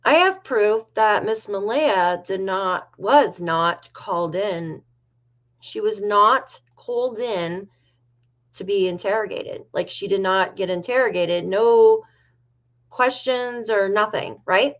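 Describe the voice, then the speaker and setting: A woman's voice: mid-range voice, slow pace, highs cut off. A middle-aged woman from New York hosting a casual livestream, chatting with viewers and reading their comments aloud. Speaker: livestream host.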